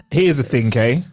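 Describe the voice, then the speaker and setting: A man's voice: mid-range voice, a little mellow, no room sound, clean studio sound. A man from the United Kingdom co-hosting a comedy podcast in casual chat, jokey and laughing often. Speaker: podcast co-host.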